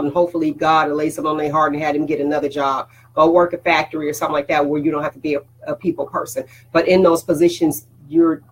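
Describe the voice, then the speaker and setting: Woman, motivational host, husky voice, lowish pitch, chatty and preachy. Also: rough recording. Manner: preachy, conversational, repeats "all right?". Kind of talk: motivational live talk to viewers.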